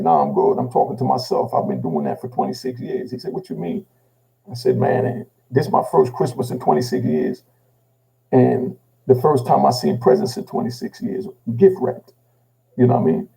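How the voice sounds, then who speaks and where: Older man from Jamaica, very gravelly, dark voice, lively pitch, emotional personal storytelling. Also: rough recording. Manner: gravelly, repeating "you know what I mean" after each thought; drops low and quiet when he quotes himself. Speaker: channel host telling his own story.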